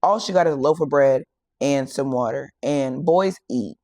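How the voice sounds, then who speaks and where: Animated woman retelling a Bible story. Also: extremely low pitch, moderate pace, dry recording, studio quality. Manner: animated storytelling, acting out quoted lines. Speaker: faith and fitness host. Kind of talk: casual Bible teaching.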